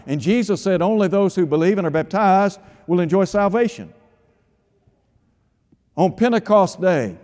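A man's voice: high-pitched, a little mellow, big-room sound. A man preaching a sermon, emphatic and insistent, firing rhetorical questions at his listeners.

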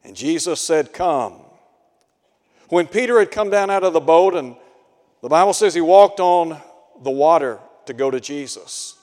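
A man's voice: fairly high pitch, animated, moderate pace, darkish tone. A man preaching a sermon in an earnest way, asking his listeners rhetorical questions. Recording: long hall reverb.

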